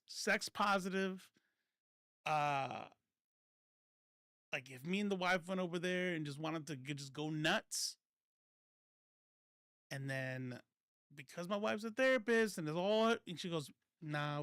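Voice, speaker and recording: A man with a fairly high voice hosts a casual political livestream, talking loosely and cursing as he goes. He often stops to correct himself and breaks into laughter. The sound is dry and close, with no room around it. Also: a bit bright, dry recording. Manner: rambling, self-correcting, laughs often, swears freely. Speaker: political commentary streamer.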